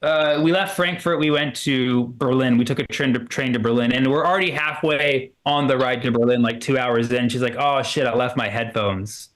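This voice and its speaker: A man's voice: mid-range voice, normal speed, few pauses, fairly bright tone. A man doing stand-up comedy, telling a rambling story full of restarts and fillers, acting out both sides of the conversations. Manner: acts out both sides of conversations in quoted dialogue. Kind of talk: stand-up set on a livestream.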